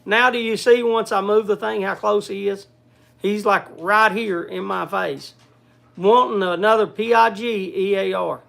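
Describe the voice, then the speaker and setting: A man with a high, gravelly voice talks loosely to his online audience. He rambles, restarts his sentences and keeps scolding a pet. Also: steady tone, moderate pace, fairly bright tone. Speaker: livestream host. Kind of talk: casual livestream chat.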